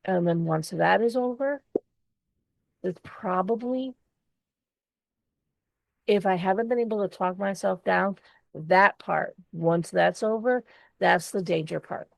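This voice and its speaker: A woman's voice: mid-range voice, takes it slowly, vocal fry, pauses often, no echo. A woman co-hosting a podcast, talking candidly and expressively in casual chat, swearing freely. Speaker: podcast co-host.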